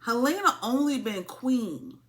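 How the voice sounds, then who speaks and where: Woman, casual TV recap, animated, bright lively voice. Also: a little high, measured pace. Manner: animated, playful, acts out characters in quotes. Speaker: TV show reviewer.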